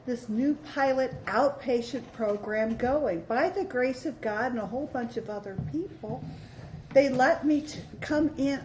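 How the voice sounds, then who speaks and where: Middle-aged woman, AA speaker, candid and wry; mellow, slightly high voice; roomy, dull recording. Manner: candid, self-deprecating storytelling. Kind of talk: recovery talk to a meeting. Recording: roomy, dull hall recording with faint hiss.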